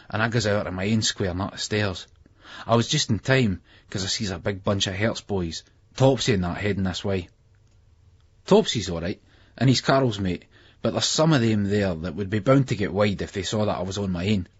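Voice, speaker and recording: A man reads a novel in the first person, gritty and raw. His voice is husky and low. The recording is muffled and lo-fi. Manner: gritty, raw delivery with heavy swearing. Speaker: audiobook narrator.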